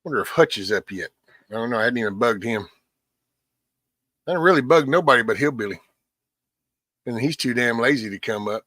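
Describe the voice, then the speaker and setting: Man, livestream host, blunt and profane, rambling, mid pitch, dry close sound. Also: animated, a little fast, long pauses, bright, forceful tone, no echo. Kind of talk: casual rambling livestream chat.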